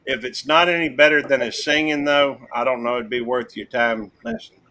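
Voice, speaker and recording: A man's voice: mid-range voice, fairly even intonation, brisk, bright, forceful tone, poor audio. A man on a live stream panel, chatting casually with dry, teasing remarks. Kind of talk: casual chat.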